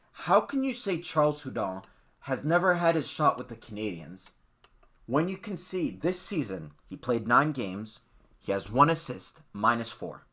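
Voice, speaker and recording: A man's voice: medium pitch, fairly bright tone. A man hosting a sports podcast, talking bluntly and opinionatedly in a ranting, casual way. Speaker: podcast host.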